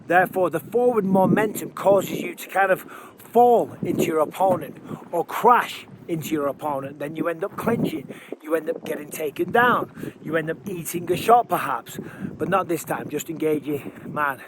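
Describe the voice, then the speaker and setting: A fairly high-voiced man talks in quick, emphatic bursts as he walks outdoors, slightly out of breath from the altitude. Faint outdoor noise sits under his chatty commentary. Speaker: MMA commentator. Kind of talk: casual walking vlog commentary. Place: outdoors by water at high elevation.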